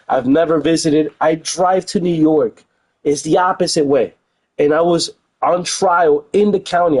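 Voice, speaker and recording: Heated young man, slightly high voice. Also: a little mellow, husky, low-quality recording. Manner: heated, emphatic, repeats phrases for stress. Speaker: livestreamer. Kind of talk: casual livestream rant. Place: at home.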